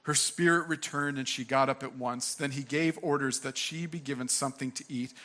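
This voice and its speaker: Young man, pastor, casual sermon, bright tone, frequent restarts. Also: medium pitch, steady tone, a little fast. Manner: earnest, conversational, many fillers and restarts.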